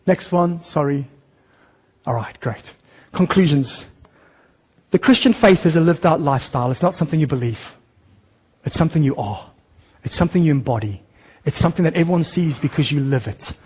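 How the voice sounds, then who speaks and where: Guy pastor preaching, pretty high voice, lively, jumps into little acted voices. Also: slightly rough, big-room sound, rough recording. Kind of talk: sermon. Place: church hall.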